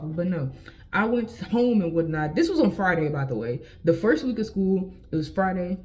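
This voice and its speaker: A young adult woman telling a casual storytime vlog, animated and profane, with lots of slang and acted-out quotes of herself. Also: on the low side, normal speed. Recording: slightly dull lo-fi sound.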